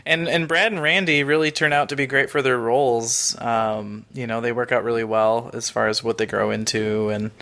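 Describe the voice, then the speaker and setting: A man's voice: mid-range voice, flat delivery, normal speed, hardly any pauses, bright, forceful tone. A man co-hosting a podcast in casual chat, earnest, often repeating the first word of a sentence. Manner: earnest, stammers on starts. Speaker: podcast co-host.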